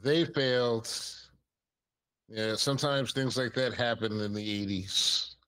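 A man's voice: mid-range voice, measured pace, a bit bright. A man hosting a podcast, joking and teasing his co-hosts in casual chat. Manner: playful, teasing. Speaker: podcast host.

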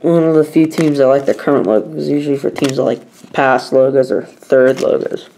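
A man's voice: medium pitch, fairly even intonation, fairly quick, dark tone, slight background noise. A young man chatting casually in his own vlog, rambling and emphatic in his opinions. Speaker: vlogger.

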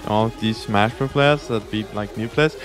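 A young man streaming games live, chatting casually, swearing a lot and reacting loudly to what happens on screen. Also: fairly low pitch, a little slow, faint music behind. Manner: excitable, profane, laughing, reacting loudly to the game.

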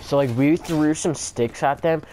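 His voice is a little high with a dark tone, and he keeps a measured pace. The young man is telling a rambling, swear-heavy story-time vlog full of "like" while video game gunfire plays behind him.

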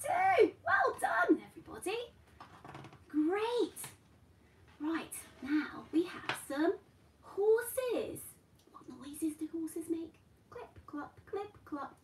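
A woman's voice: very high voice, big pitch swings, very slow. A woman teaching a class for toddlers, coaxing and playful in a sing-song way. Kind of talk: children's class. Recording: roomy sound, mic at a distance, faint noise.

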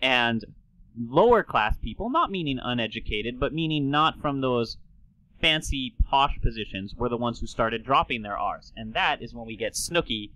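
A man hosting a podcast, explaining in an enthusiastic, lecturing tone. His voice is bright and forward, recorded close on a studio mic with a dry sound. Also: mid-range voice, expressive, moderate pace, dry recording, rough recording. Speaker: podcast host.

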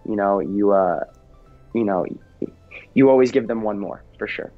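A teenage boy talks earnestly as an interview guest, pausing on ums and restarting his sentences. His voice comes through dull and lo-fi. Faint music plays underneath. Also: lowish voice. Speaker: actor guest. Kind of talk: casual interview chat.

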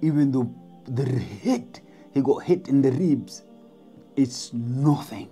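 A man's voice: mid-range voice, expressive, slow pace, dark tone, soft background music. A man telling a spooky story in a dramatic way, repeating words and dropping to whispers. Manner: dramatic, repetitive, drops to whispers. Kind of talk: spoken storytelling.

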